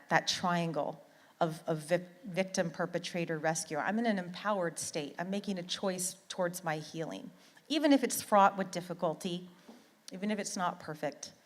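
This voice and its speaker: A woman's voice: fairly low pitch, lively intonation, moderate pace, big-room sound. Earnest woman giving a heartfelt talk. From Canada. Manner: earnest and heartfelt, repeats words for emphasis. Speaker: conference speaker. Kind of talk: motivational talk.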